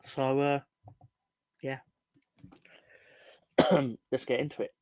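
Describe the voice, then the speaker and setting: A man's voice: medium pitch, level tone, takes it slowly, smooth, no room sound. A man co-hosting a casual football fan show, rambling and sardonic, swearing freely. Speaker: football podcast co-host.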